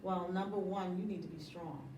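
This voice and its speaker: A woman's voice: fairly low pitch, steady tone, normal speed, a little mellow, echoey room, far from the mic, lo-fi sound. A middle-aged woman talking about running her business in a casual interview, emphatic and motivational, often laughing. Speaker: interview guest, business owner.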